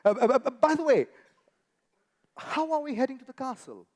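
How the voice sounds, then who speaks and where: A man's voice: extremely high pitch, very animated, moderate pace, a little mellow. A man playing a nervous, stammering young doctor in a stage musical. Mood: flustered. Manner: stammering, flustered. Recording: stage mic in a hall with music.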